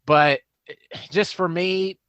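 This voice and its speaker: A man co-hosting a podcast in casual chat, relaxed and a little hesitant. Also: high-pitched, extremely slow, clean tone, dry recording, muffled recording. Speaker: podcast co-host.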